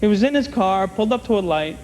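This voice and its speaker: High-voiced man doing stand-up in a hall. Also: animated, darkish tone. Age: older than 30. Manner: wry, conversational, acts out quick bits in other voices. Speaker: stand-up comedian. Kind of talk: stand-up comedy set. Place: comedy club stage, audience present. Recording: long hall reverb, clear room noise, 1990 TV taping.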